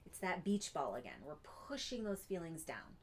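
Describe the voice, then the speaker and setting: A woman giving an earnest teaching talk, pausing often to check in with her listeners. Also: fairly low pitch, very animated, a little hiss or hum. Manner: earnest, keeps checking in with "Okay?". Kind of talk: teaching monologue.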